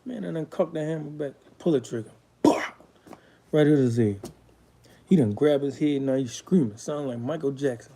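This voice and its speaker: A man with a very dark, mellow voice recounts his past. He talks bluntly and swears freely, and there is raw emotion under it. It sounds like a candid guest interview. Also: on the high side, brisk, slight background noise. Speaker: guest telling his life story. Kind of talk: candid storytelling.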